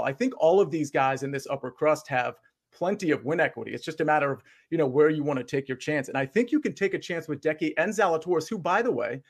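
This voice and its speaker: Gravelly-voiced man giving measured analysis. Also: fairly high pitch. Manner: measured, hedging, uses filler like "I mean". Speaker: podcast analyst. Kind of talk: casual sports podcast chat.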